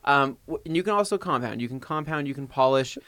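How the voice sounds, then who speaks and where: A man co-hosting a podcast, answering a viewer's question casually with many pauses and ums. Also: mid-range voice, animated, bright, forceful tone, no room sound. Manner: reads out comments, then answers with many ums. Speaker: podcast co-host. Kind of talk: casual chat. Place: podcast studio.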